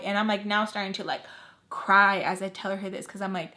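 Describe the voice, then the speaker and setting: A woman in her twenties telling a casual storytime while doing her makeup, in an animated, slangy way full of fillers. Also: mid-range voice, extremely slow, long pauses. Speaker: storytime vlogger.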